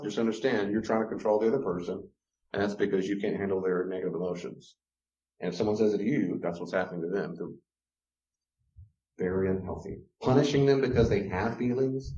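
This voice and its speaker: A man teaching about relationships with lots of energy, dropping into acted voices as he goes. The sound is roomy and echoey and a little dull and lo-fi. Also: lowish voice. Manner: animated, acts out quoted voices. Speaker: counselor giving a talk on relationships. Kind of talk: lecture-style teaching.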